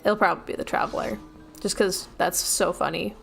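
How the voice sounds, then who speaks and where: A woman's voice: fairly low pitch, steady tone, fairly quick, vocal fry, fairly bright tone, faint music behind. A woman chatting casually and cracking jokes while streaming a video game. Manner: joking and chatty, talking over the game. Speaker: gaming streamer.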